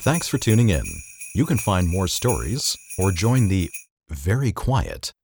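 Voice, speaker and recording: A man's voice: sits low, big pitch swings, a little slow, a little mellow, a little hiss or hum. A man hosting a podcast, reading an old magazine article aloud with a dry, wry delivery. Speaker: podcast host.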